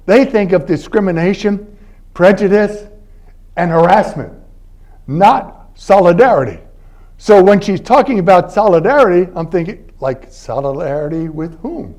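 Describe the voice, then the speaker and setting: In a university library event space, an older Philadelphia man delivers an academic lecture full of anecdotes, chatting conversationally and laughing between his points. He has a high voice with a darkish tone.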